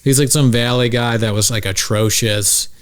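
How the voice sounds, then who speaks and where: A man's voice: mid-range voice, fairly even intonation, normal speed, smooth. A man hosting a podcast in casual chat, rambling and swearing, with lots of "like" as filler. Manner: rambling, profane, heavy use of "like". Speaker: podcast host.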